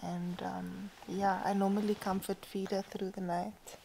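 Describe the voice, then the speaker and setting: Mom vlogging at home on her phone, slow and chatty, lots of ums, faint noise behind. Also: medium pitch, flat delivery, vocal fry, warm tone. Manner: emotional, chatty, rambling with fillers. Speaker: vlogger, mother. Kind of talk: casual home vlog. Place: home, indoors.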